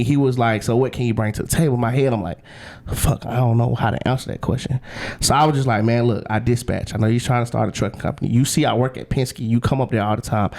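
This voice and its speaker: Young man, casual interview guest, animated storytelling, slangy street talk, mid-pitched voice.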